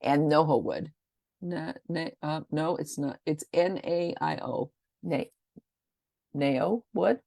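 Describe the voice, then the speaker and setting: Low, gravelly-voiced woman chatting about products. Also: slow pace, mellow, no echo, clean studio sound. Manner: rambling, chatty, stumbles over product names. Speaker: essential oil presenter. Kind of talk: casual product rundown.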